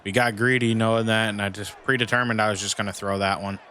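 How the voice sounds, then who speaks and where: A man's voice: fairly low pitch, level tone, fast, sharp tone, a little hiss or hum. A man casually commenting on his own football video game, often venting and frustrated at his team, with mild cussing. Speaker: gaming YouTuber playing a football dynasty mode.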